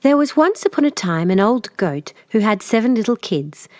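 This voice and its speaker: American woman reading a bedtime fairy tale, gentle even voice, dry close sound. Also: fairly high pitch, moderate pace, no echo. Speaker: storyteller. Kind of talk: calm storybook narration.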